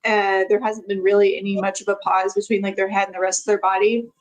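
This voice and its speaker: A woman's voice: mid-range voice, little pitch movement, fast, rough recording. A woman telling a personal story as a podcast guest, in a chatty way with frequent laughs and many filler words.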